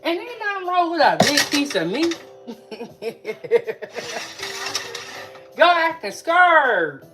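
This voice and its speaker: A woman's voice: high voice, big pitch swings, extremely slow, pauses often, music in the background. A young adult woman hosting a casual cooking livestream from her home kitchen, chatting and answering viewers' comments as she cooks. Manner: chatty, reads out and answers live chat comments. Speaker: cooking show host.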